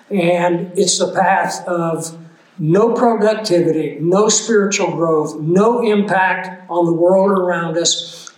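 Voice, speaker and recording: A man preaching a sermon, earnest and conversational, moving easily between a personal story and his teaching point. His voice sits fairly high for a man. He is recorded in a roomy, echoing space.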